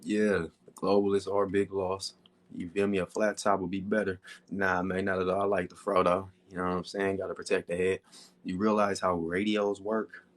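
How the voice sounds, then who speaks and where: A man's voice: low voice, level tone, normal speed. A man hosting a casual livestream, answering viewer comments in a laid-back, slangy way with lots of filler questions to his audience. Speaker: livestream host.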